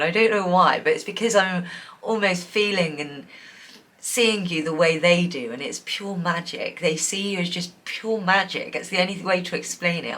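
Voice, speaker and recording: Woman tarot reader, pick-a-card style, lowish bright voice, loose and giggly delivery full of fillers. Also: normal speed. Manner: chatty, giggly, warm and encouraging, many fillers.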